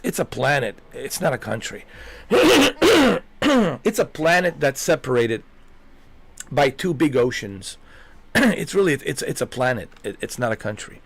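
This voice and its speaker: A man's voice: medium pitch, sing-song, slow pace, pauses often, fairly bright tone, husky. Rambling, cursing male gaming host. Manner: rambling, swearing, repeating himself. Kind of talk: rambling casual chat.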